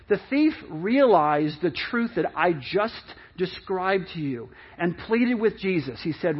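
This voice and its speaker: A man's voice: high-pitched, big pitch swings, unhurried, hardly any pauses, husky, highs cut off. A middle-aged man preaching a sermon in a conversational way, with many repeats and restarts, acting out people's excuses. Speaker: pastor.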